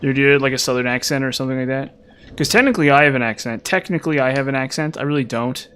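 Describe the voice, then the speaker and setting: Rambling streamer with a mild Utah accent. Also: male voice, medium pitch, very fast, a bit bright, clean tone. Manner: rambling, repeats words, many fillers. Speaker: gaming streamer. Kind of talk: casual live-stream chat answering viewers.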